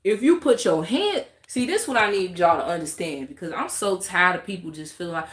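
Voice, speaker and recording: A woman's voice: on the low side, lively intonation, a little fast, few pauses. Emphatic woman ranting, echoey room. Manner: emphatic and repetitive, talks with her hands. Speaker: YouTube vlogger. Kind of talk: candid vlog rant to camera.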